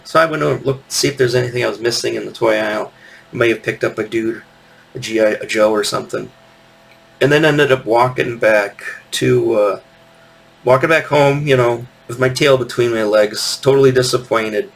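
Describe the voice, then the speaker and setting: Gravelly man telling stories, far from the mic. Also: medium pitch, fairly even intonation, brisk. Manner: rambling, self-correcting, acts out quotes. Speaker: host. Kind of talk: casual nostalgic storytelling. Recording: voice distant from the mic.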